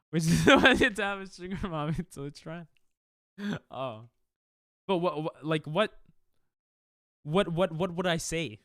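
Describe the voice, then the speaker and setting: A man's voice: a little high, lively intonation, takes it slowly, long pauses, fairly bright tone, no echo, studio quality. A male streamer in casual chat with his viewers, defensive and laughing, rambling with restarts.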